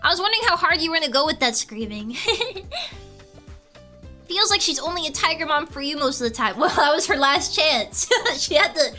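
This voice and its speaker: Giggly high-voiced woman streamer. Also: fairly quick, soft background music. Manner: giggly, animated storytelling. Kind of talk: casual chat with chat.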